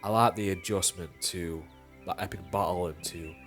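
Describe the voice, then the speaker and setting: A man's voice: deep voice, steady tone, normal speed, faint music behind. A man giving casual movie reaction commentary, chatting, laughing and swearing casually as he watches. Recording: loud film soundtrack playing behind.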